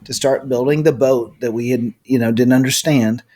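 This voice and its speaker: A man's voice: mid-range voice, fairly even intonation, normal speed, a little mellow. A man, a pastor, co-hosting a casual faith podcast, talking earnestly and often restarting his sentences. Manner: earnest, repeats words when starting sentences.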